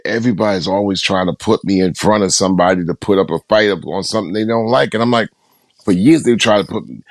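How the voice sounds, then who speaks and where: A man's voice: fairly low pitch, fast talker, dry recording, clean studio sound. A man in his sixties, a guest in a casual interview, talking emphatically and repeating phrases for stress. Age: 60s.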